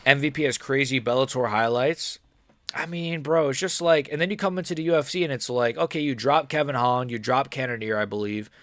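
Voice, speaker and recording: A man's voice: medium pitch, a little fast, a bit bright, dry recording. A young man rambles through live fight commentary in a casual, slang-heavy way, peppering his lines with filler words. He gives blunt, mocking takes in a mid-range voice. The recording is dry and close, with no room sound. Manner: slangy, rambling, frequent "bro" and "like".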